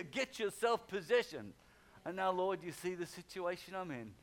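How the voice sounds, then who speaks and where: A man's voice: high-pitched, lively intonation, measured pace, a bit bright, slight background noise. A man preaching a sermon in a conversational way, often repeating phrases for emphasis.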